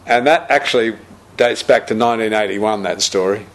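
Animated man telling stories. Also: lowish voice, normal speed. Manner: animated anecdotal storyteller, acts out quotes, laughs. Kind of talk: storytelling talk.

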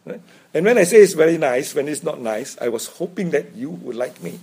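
A man teaches Buddhism in a loose, conversational way. His husky voice swoops up and down as he talks, and he often breaks into chuckles and tags his points with "right?". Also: on the high side, expressive, fairly quick, few pauses, darkish tone. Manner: chatty, chuckles often, frequent tag "right?". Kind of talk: informal dharma talk.

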